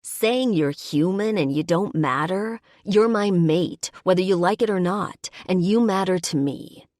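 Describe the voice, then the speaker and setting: A woman's voice: lively intonation, slow, darkish tone, no echo, studio quality. A woman voicing a possessive werebear man. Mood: fierce. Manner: low, commanding, teasing. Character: big possessive male werebear lover.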